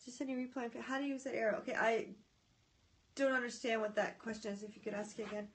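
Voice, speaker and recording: Brief: woman, high voice, chatty livestream host, greets viewers, excitable and scattered. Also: quick pace. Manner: excitable, often breaks off mid-sentence. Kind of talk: casual live chat. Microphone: phone or tablet.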